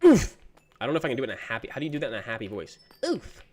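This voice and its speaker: A young man on a gaming livestream, his voice sitting in an everyday middle pitch. He reads viewers' messages out loud and answers them with easygoing slang, calling people "bro" often. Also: lively intonation, rapid-fire. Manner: laid-back, reads chat messages aloud and answers them. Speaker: gaming streamer. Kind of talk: casual livestream chat.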